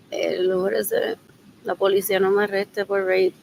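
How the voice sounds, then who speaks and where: A woman's voice: mid-range voice, big pitch swings, fairly quick, vocal fry, a little mellow, slight background noise, rough recording. A woman rambling on her own in a loose solo stream, mixing in Spanish phrases and drifting between mumbling and whispering. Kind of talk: rambling solo livestream talk.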